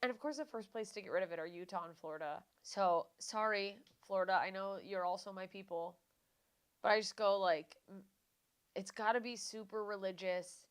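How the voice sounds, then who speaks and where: Young woman, podcast host, swearing, rambling, casual rant, mid-pitched voice. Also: normal speed, clear, resonant tone. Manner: profane, rambling, animated, self-deprecating.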